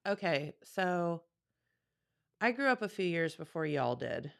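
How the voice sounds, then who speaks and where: Lowish woman, teasing co-host. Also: sing-song, creaky. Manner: teasing, quick with jokes. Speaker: radio show co-host. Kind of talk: casual chat.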